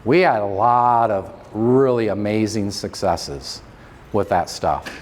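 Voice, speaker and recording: A middle-aged man, a chiropractor, telling a story at a convention seminar in a joking, self-deprecating, animated way. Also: lowish voice, takes it slowly, slight background noise. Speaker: chiropractor giving a seminar talk. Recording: long reverb of a large hall.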